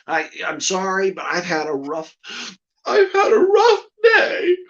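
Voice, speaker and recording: A man puts on a moody redneck boxer puppet. The voice is pitched up, with high wailing whines and wide swings. The sound is a little muffled and lo-fi. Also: wildly swooping pitch, measured pace, fairly bright tone, full character voice. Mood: upset.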